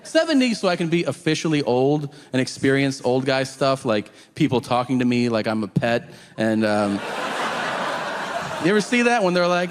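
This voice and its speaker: Dry, profane stand-up comic, lively delivery. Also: male voice, medium pitch, normal speed, in a large hall, a crowd in the background. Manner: dry, profane, acts out quotes. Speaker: stand-up comedian. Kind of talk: stand-up comedy set. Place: comedy stage with an audience.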